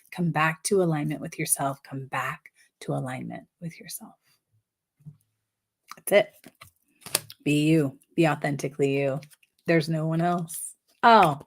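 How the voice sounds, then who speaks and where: A woman's voice: on the low side, a little hiss or hum. A woman giving live numerology card readings, effusive and giggly, often repeating affirmations. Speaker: numerology reader.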